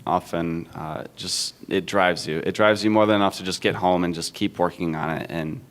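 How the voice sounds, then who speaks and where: A man's voice: low voice, fairly even intonation, normal speed, fairly bright tone. A young man, a student, speaking casually on a convention panel, rambling with fillers. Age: young adult.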